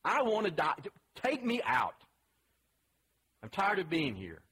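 A man's voice: on the high side, huge pitch swings, takes it slowly, sharp tone, husky, heavily acted. A man preacher acting out a sulking, melodramatic grown man prophet who whines and stammers. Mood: petulant. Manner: whiny, stammering, overwrought.

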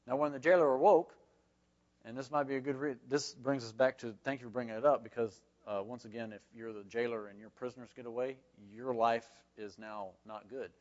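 A man's voice: mid-range voice, brisk, lo-fi sound. A man leading a Bible study class, reading scripture aloud and explaining it in a folksy, conversational way with frequent asides.

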